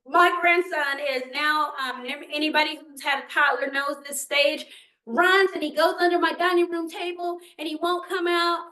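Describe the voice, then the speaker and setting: Older woman, workshop presenter, high bright voice, animated, echoey room. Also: normal speed. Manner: animated, asks the audience questions, acts out quotes. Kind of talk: live presentation to parents. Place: meeting room.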